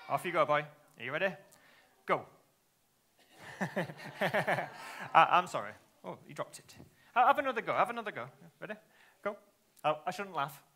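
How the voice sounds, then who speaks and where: A man's voice: on the high side, bright, forceful tone. A man performing a live children's magic show, teasing and playful, constantly asking the young audience questions. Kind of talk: live kids' show patter.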